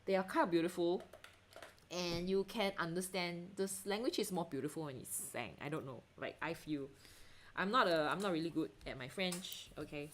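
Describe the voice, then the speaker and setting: A woman's voice: lowish voice, normal speed. A woman from Singapore, probably in her thirties, chatting casually with livestream viewers as she paints, laughing often and trailing off into fillers. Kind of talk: casual chat while painting, reading viewer comments.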